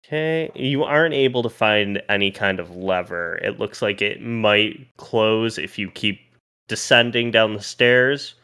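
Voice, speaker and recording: A man narrating a tabletop role-playing game as game master, pausing and restarting as he describes each scene. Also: lowish voice, sharp tone, clean tone.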